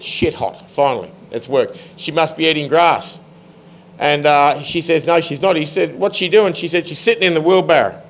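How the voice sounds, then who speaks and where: A man telling jokes casually as a guest, in a plain, easygoing way. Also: fairly high pitch. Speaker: guest joke teller.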